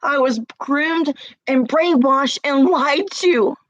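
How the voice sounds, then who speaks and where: A woman's voice: high voice, takes it slowly, a bit bright, no room sound, dull audio. A woman crying as she talks to camera, confronting someone with repeated pointed questions in an emotional rant. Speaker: vlogger.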